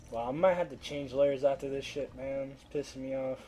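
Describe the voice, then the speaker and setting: Over soft background music, a man with a mellow, medium-pitched voice talks briskly with few pauses and fairly even intonation. In his casual gameplay commentary he curses at the fish, coaxing them to bite before getting frustrated.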